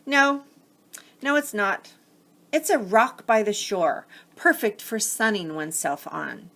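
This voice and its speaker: An easygoing storybook seal holds her ground in a mild, insistent voice, played by a woman reading aloud. She sounds calm but stubborn. A soft gravel runs through the voice. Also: medium pitch, slow pace, full character voice.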